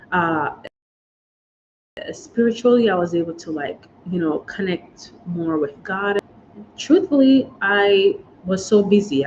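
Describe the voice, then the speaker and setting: A woman's voice: mid-range voice, darkish tone. Chatty woman vlogger, dull lo-fi sound. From United States. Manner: chatty and emotional, says y'all and guys. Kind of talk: casual chat. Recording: dull lo-fi sound with faint noise.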